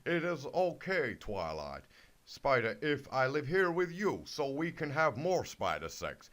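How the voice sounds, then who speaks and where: A man voicing a big, laid-back red male spider in a low, dopey drawl. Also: sing-song, measured pace, a bit bright. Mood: coaxing.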